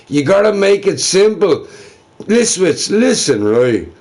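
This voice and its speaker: Brief: male streamer, unhurried and rambling, pitch swings a lot, swears constantly, self-deprecating. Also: sing-song, a little mellow. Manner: rambling, profane, self-mocking, laughing between remarks. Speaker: livestreamer. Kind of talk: casual livestream chatter.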